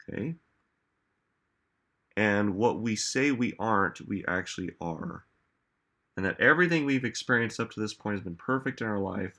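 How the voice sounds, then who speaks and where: A man with a fairly low, bright and forceful voice gives a self-help talk. He muses aloud and keeps posing rhetorical questions. His pace swings between quick runs and slow, stressed words. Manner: musing, asks many rhetorical questions. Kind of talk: reflective motivational talk.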